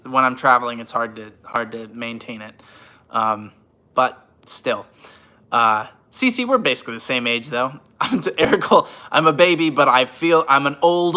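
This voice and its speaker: A man's voice: mid-range voice, sharp tone, clean tone. A young man, an actor and YouTuber, casually chatting on a livestream, reading out comments and thanking viewers, laughing often in a rambling, self-deprecating way. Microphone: phone.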